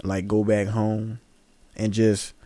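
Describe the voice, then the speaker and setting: A young man telling slangy, animated stories in a casual chat and laughing often. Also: fairly low pitch, slow, no echo. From Southern United States.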